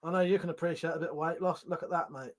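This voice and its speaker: A man's voice: fairly high pitch, fairly even intonation, very fast, no echo, studio quality. A British man hosting a casual livestream, reading viewers' comments aloud and bantering with loose, swearing chatter. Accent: British English. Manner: swears freely, rambling, banter with chat. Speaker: livestream host.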